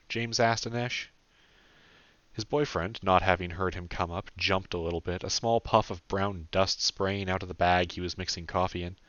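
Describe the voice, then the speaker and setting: A man narrating his own audiobook in a brisk, matter-of-fact way. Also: sits low, fairly bright tone, no echo, dull audio. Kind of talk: scripted narration.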